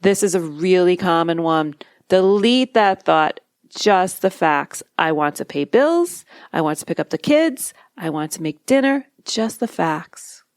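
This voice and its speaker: A woman hypnotist talks through her methods on a podcast in a calm, measured voice. She lands key phrases slowly and deliberately. The recording is dry and close, with no room sound. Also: lowish voice, no room sound. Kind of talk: instructional podcast monologue.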